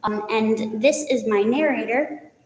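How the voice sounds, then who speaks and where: A woman's voice: fairly high pitch, unhurried. A woman author hosting a live question session, talking hesitantly with many fillers and light giggles. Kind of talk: casual live Q&A. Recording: very echoey hall with long reverb.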